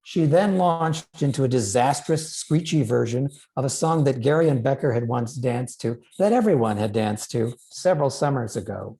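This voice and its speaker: A male author reads his own novel aloud, measured and expressive. His voice is dark and warm, with a gravelly edge in the low notes. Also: low-quality recording. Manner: measured, expressive literary reading.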